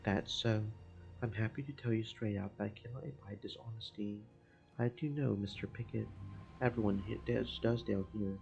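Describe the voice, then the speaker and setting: A man voicing a gruff, plain-spoken old sailor who cannot abide dishonesty. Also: on the low side, normal speed, a little mellow, muffled recording, faint music behind. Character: old seafaring man, blunt and honest.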